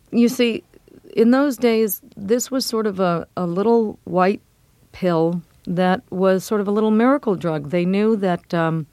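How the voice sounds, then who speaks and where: A middle-aged woman being interviewed as a memoir author, speaking in a measured, reflective way with frequent ums. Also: medium pitch, darkish tone, no echo. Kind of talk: interview conversation.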